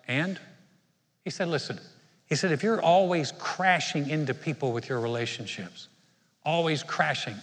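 Man preaching in an echoing hall. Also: mid-range voice. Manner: conversational, self-deprecating humor with the congregation. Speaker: pastor. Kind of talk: sermon. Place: church sanctuary. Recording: long hall reverb.

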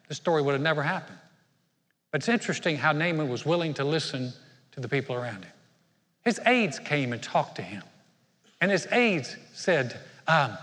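A pastor preaching a sermon to a congregation, retelling a story in lively fashion and acting out the characters. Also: male voice, a little high, long reverb tail. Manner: animated storytelling, acts out characters.

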